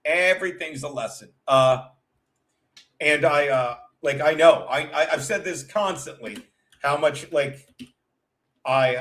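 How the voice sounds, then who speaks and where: A man with a high-pitched voice hosts a casual livestream. He tells stories in a loose, tumbling way, full of profanity and self-interruptions. He keeps breaking off to talk to his viewers. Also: fairly bright tone. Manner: chats with live viewers. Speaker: livestream show host. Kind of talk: rambling comic storytelling.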